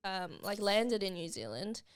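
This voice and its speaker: A woman co-hosting a podcast, her voice smooth and clear at a middle pitch. She chats and explains at length in an easygoing way, laughing readily as she goes. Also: sing-song, a little slow. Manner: chatty, explaining, easy laughs. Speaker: podcast co-host. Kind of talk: casual podcast chat.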